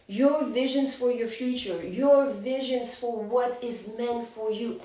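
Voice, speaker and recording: A woman in her forties with a French accent talks casually about spirituality to her viewers, chatty and laughing often between thoughts. Her voice sits fairly high. She is recorded in a roomy space, a little away from the mic. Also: far from the mic. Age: 40s. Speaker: astrology channel host.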